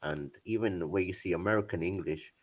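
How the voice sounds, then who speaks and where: A man's voice: low-pitched, brisk, dull audio. A man in a casual debate, explaining his view steadily and patiently.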